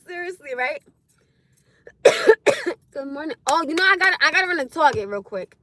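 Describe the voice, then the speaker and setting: A woman chatting casually on a livestream, loud and laughing often as she answers comments. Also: very high-pitched, big pitch swings, measured pace, no room sound. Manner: loud, laughing, talks back to chat. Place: in her car.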